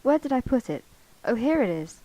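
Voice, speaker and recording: A woman reading a novel aloud and voicing a jubilant, lovestruck young man who gushes with excitement, recorded on a cheap karaoke mic. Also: mid-range voice, moderate pace, no room sound, close to an everyday voice, low-quality recording. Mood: excited. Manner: excited, gushing.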